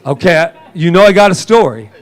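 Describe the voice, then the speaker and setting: A man preaching a lively sermon in a church service, joking and laughing often with the congregation. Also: high voice, brisk, a faint crowd. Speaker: minister.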